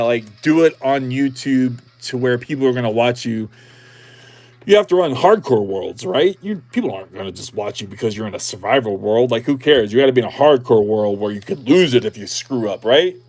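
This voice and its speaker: A man's voice: mid-range voice, lively intonation, fairly quick, a little mellow. A middle-aged man chatting casually on a livestream as he opens card packs, repeating himself and cheering on each card. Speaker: streamer opening card packs.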